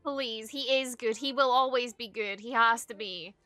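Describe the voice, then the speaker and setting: A young adult woman giving casual reaction commentary at her home streaming desk, excitable and gushing, swearing freely. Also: on the high side, moderate pace, no room sound, soft background music.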